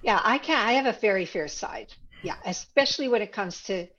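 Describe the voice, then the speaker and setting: A woman recounts her own past in an interview, in a reflective voice that turns animated when she repeats old conversations. Her pitch sits in the middle range. The recording sounds a little dull and lo-fi. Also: brisk. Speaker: interview guest. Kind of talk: personal storytelling in an interview.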